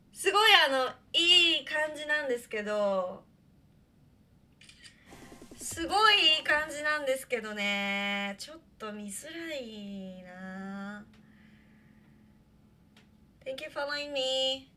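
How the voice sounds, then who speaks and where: A woman's voice: a little high, moderate pace, pauses often, bright, forceful tone, a little hiss or hum. A woman with a Japanese accent chatting casually on a live stream and mixing Japanese and English as she goes.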